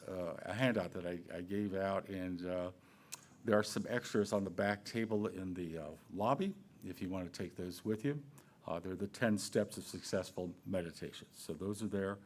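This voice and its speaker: A man giving a Sunday talk in a relaxed, conversational way, with playful asides and questions to himself. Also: on the low side. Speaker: minister. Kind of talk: sermon.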